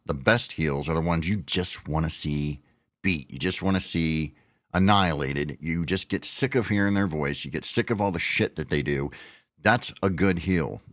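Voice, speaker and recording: A man's voice: a bass voice, no echo, clean studio sound. A man in his forties hosting a podcast, casually recapping and giving blunt opinions in a conversational way. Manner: blunt, conversational, recaps events with quoted lines. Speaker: podcast host. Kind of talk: casual wrestling commentary.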